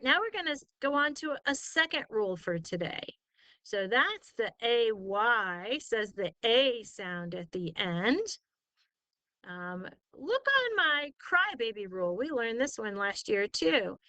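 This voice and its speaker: A woman's voice: a little high, pushed and bright, no room sound. A woman tutoring a student in spelling, patiently sounding out words syllable by syllable and praising answers. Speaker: spelling teacher. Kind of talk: slow, patient tutoring lesson.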